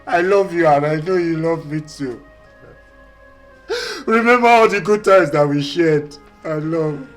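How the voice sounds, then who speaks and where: A man's voice: fairly high pitch, a little slow, faint music behind, natural voice. A man with a Nigerian English accent acting in a film drama, begging his partner for forgiveness over and over. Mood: pleading. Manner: begging, repetitive and desperate. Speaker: pleading husband.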